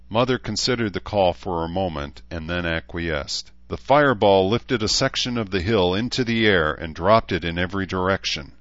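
Deep-voiced man narrating a story. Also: no echo, dull audio. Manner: measured, steady reading. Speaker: audiobook narrator. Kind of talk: scripted narration.

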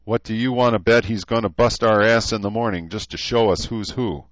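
A wry young recruit leader teases his friends in a dry, joking way, as a male narrator plays him. The voice sits low. The recording is dull and close, with no room sound. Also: fairly even intonation, a little fast, dry recording, natural voice.

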